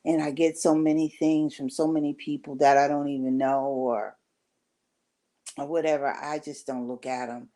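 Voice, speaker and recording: Older woman vlogger, deep, dark voice, unhurried storyteller with chatty asides. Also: little pitch movement. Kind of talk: personal storytelling.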